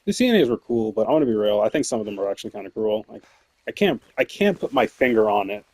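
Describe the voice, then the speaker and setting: This young man streams and games while telling profane, rambling work stories, laughing frequently and using lots of fillers. His low, darkish voice swings widely in pitch, he talks fast, and there's no room sound.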